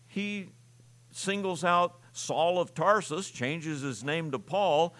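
A male pastor delivering a sermon in a relaxed, conversational teaching manner, often pausing on fillers and restarting phrases. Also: mid-range voice.

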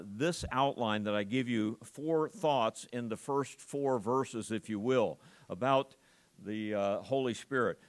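A male pastor preaching a sermon at a church service, emphatic and full of rhetorical questions to his congregation. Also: mid-range voice.

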